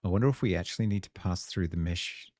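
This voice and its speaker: Musing casually on his coding stream, a man in his forties with a New Zealand accent talks with his audience. The voice sits low and a little mellow, moves fast, and is recorded dry.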